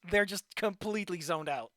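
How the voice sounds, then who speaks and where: A man's voice: sits high, moderate pace, no echo, clean studio sound. A man streaming a visual novel, reading it aloud and joking with profanity. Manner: profane, animated, jokey. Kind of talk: casual let's-play commentary and reading.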